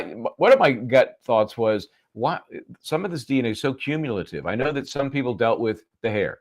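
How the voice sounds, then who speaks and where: Sarcastic low-voiced male commentator. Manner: sarcastic, conversational. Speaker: legal commentator. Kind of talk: live legal commentary.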